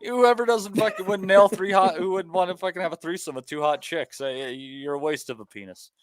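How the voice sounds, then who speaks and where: A man co-hosting a podcast who teases the others crudely and swears constantly. His voice sits fairly high. The recording is dry and close. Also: a little fast, dry recording. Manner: crude, loud teasing with heavy swearing. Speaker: podcast co-host. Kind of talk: casual banter.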